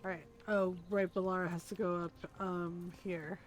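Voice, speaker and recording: A woman streaming a video game, commenting casually and thinking aloud in an unhurried way while she yawns. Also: on the low side, level tone. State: sleepy, yawning.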